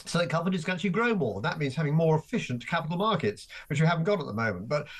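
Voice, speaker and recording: A man being interviewed on radio as an economist, explaining calmly with many fillers. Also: a little high, very fast, slightly rough. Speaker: economist guest.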